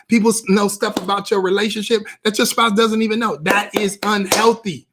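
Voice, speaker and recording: A man's voice: high voice, fairly even intonation, a little fast, fairly bright tone. A man co-hosting a live marriage talk, teaching with emphatic repeated phrases in a preacher's rhythm. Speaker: co-host of a marriage talk show.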